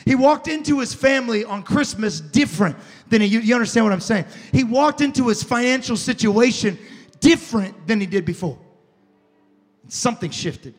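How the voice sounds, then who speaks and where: A male pastor preaching a fervent sermon to a congregation, dropping to a hush and then rising to shouts. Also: very high-pitched, expressive, normal speed, in a large hall. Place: church sanctuary before a congregation.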